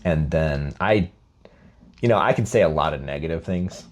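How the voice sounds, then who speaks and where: Man, very deep voice, reflective, unhurried, casual podcast storytelling, from Scotland. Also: highs cut off. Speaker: podcast co-host and guest.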